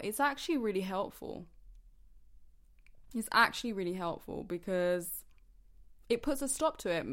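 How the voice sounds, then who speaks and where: A woman talking earnestly and casually to her viewers about mindset, laughing often and correcting herself as she goes. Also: lowish voice. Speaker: self-help vlogger. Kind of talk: casual motivational talk to viewers.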